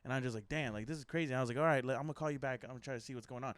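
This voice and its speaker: A young man co-hosting a casual podcast, telling a story quickly with lots of "like" and laughter. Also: mid-range voice, clear, resonant tone, no echo. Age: young adult. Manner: fast, laughing storyteller full of "like" and "I was like". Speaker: podcast co-host.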